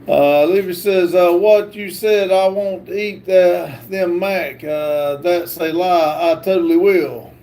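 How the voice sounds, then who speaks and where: Man, livestream host, high voice, slow unhurried delivery, reads chat with lots of pauses. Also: mellow. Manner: halting, many filler pauses while reading comments. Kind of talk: reading viewer chat aloud on a livestream.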